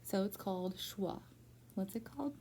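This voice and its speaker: A woman teacher giving a patient one-on-one phonics lesson in a school room, slowly stretching out words to model their syllables. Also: mid-range voice, warm tone, a little hiss or hum.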